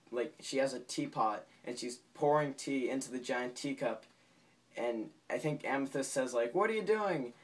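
A man vlogging a casual, rambling recap of a cartoon episode. He laughs often, uses many fillers and restarts, and acts out quotes in a high voice. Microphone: home camera mic.

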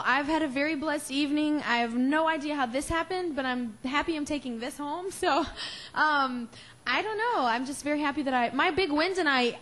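Young woman, high bright voice, teary and giggly, rambling press answers. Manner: emotional, laughing and tearful, rambling with fillers. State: crying. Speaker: award-winning singer at press conference. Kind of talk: backstage press Q&A.

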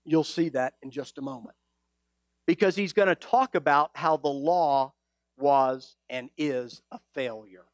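A male pastor preaching a sermon, animated and teasing, full of rhetorical questions. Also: a little high, measured pace, no echo, studio quality.

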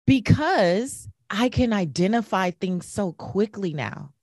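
A middle-aged woman hosting a podcast interview, talking emphatically with quick restarts and asides. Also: mid-range voice, expressive, darkish tone, dry recording, clean studio sound. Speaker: podcast host. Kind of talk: conversational interview.

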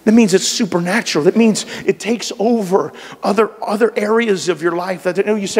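High-voiced pastor preaching in a reverberant church. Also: male voice, fairly quick, few pauses, slightly rough. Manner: animated and conversational, swings between loud and soft. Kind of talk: sermon. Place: church sanctuary.

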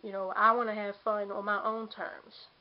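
A woman's voice: medium pitch, flat delivery, normal speed. A woman in her late twenties venting on a vlog, exasperated, repeating herself and mimicking the people who nag her. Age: late 20s. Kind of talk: ranting vlog to camera. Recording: dull lo-fi camera audio.

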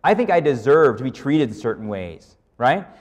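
A male pastor delivers a lively, conversational sermon in a church, his pitch rising and falling with animated swings. He keeps pausing to check in with the room, and a long hall reverb trails after his words. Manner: lively, checks in with "okay?" often.

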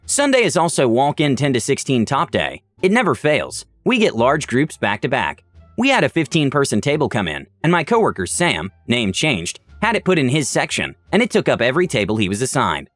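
A man reading online stories aloud as narrator, with a wry, deadpan delivery. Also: mid-range voice, dry recording.

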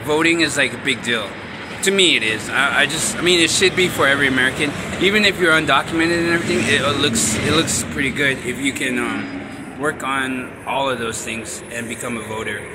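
A man chatting casually into his phone for a vlog, rambling and restarting his sentences often. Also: mid-range voice. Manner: rambling, halting with many restarts. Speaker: vlogger. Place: outdoors at an urban bus stop. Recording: street traffic noise. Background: traffic noise.

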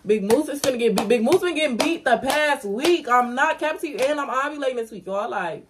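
Talking straight into a camera on a stand, a young woman vlogs casually from inside her home. Her high-pitched voice is animated and brisk with few pauses, and there's a bit of background noise.

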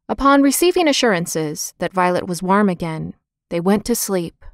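Brief: woman storybook narrator, steady and expressive, dry studio sound. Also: mid-range voice, clean tone, no echo. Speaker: audiobook narrator.

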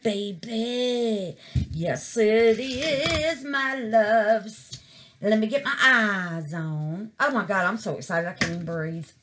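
A woman's voice: a little high, animated, slow, a bit bright. A woman gushing over her resin craft in a casual vlog, calling her viewers baby and y'all.

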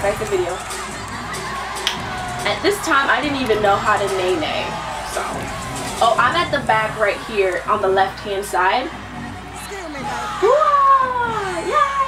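A woman's voice: mid-range voice, moderate pace. A young woman in her twenties, vlogging casually and getting hyped as she reacts. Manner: excitable, hyped, slangy. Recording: distant voice over loud music and crowd.

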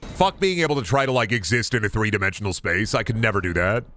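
Bright-voiced man riffing through gameplay. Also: fairly low pitch, lively intonation, fast talker, soft background music. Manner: profane, rambling, riffing absurd jokes. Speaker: streamer. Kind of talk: casual gameplay commentary.

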